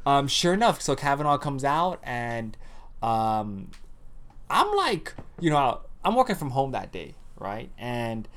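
A man hosting a casual chat, animated and profane, who laughs often and acts out what others said. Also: medium pitch, measured pace.

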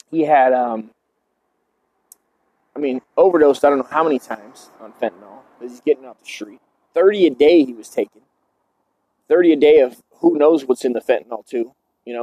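40s guy rambling and swearing on his podcast, kinda high voice, dry close sound, says dude a lot. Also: darkish tone, dry recording. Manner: profane and rambling, peppered with dude and man. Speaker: podcast host. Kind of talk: casual storytelling.

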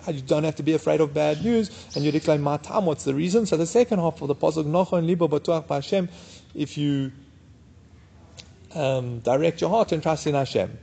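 Gravelly, husky man teaching a Talmud class. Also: fairly high pitch, dark tone. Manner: reads Aramaic text, then explains it in English; casual and unhurried, with many fillers. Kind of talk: daf yomi Talmud class.

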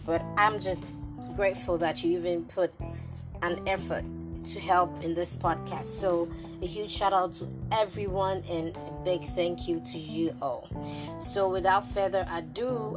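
A woman's voice: on the low side, measured pace. A woman with a Ghanaian accent hosting her podcast, chatty and bubbly with playful asides. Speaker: podcast host. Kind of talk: casual podcast chat. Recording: music playing behind.

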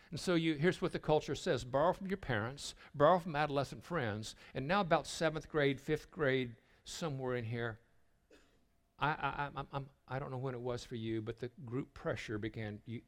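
An older man giving a sermon at a retreat, telling stories and stumbling over repeated words as he begins a thought, sometimes dropping to a hushed voice. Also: mid-range voice. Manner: storytelling, dropping to a hushed voice for tender moments. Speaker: retreat speaker.

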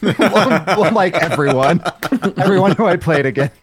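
A man chatting casually about card games, lively and laughing often. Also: sits high, a little slow, slightly rough. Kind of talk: casual gaming chat.

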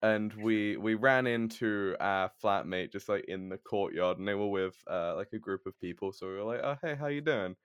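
A young man co-hosting a podcast, telling a story in a rambling, halting way with lots of ums and restarts. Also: on the low side, fairly even intonation, a bit bright, clear, resonant tone, no room sound, studio quality. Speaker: podcast co-host.

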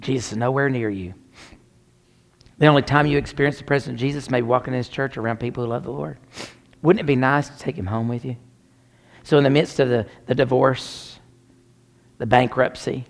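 A man's voice: medium pitch, vocal fry. A man preaching a sermon, telling a personal story with dramatic shifts down to near whispers. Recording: long hall reverb.

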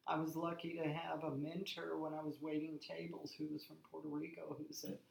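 Woman, 60s, gravelly low voice, animated storyteller, roomy recording. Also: brisk, a little hiss or hum. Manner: lively storyteller, laughs often. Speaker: guest. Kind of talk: casual conversation.

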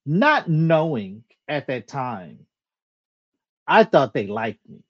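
A podcast co-host slowly spins a story, with a voice that rises and falls widely as they act out the quoted lines. The sound is a bit dull and lo-fi. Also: mid-range voice. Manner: animated retelling, acts out quoted dialogue, laughs at self. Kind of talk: casual chat, storytelling.

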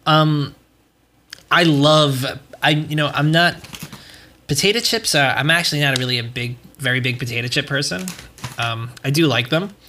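A man's voice: a little high, moderate pace, bright, forceful tone, a little hiss or hum. A young man hosting a podcast, chatting casually and rambling with plenty of swearing. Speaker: podcast host. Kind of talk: casual chat.

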